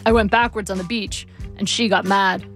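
A woman voicing an elderly father with dementia who speaks in halting, curt bursts and turns suspicious. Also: medium pitch, steady tone, fairly bright tone, soft background music, natural voice. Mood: cheerful, brusque. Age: over 60.

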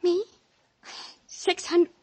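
A woman's voice: drawn-out words, mellow. An actress playing an earnest, modest young showgirl in a 1940s radio drama. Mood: flustered.

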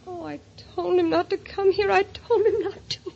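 An actress playing a devoted, stubborn young wife, speaking in an emotional, pleading, insistent way, 1940s radio acting style. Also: female voice, very high voice, fairly even intonation, normal speed, vocal fry, a little mellow. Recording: dull lo-fi old radio recording.

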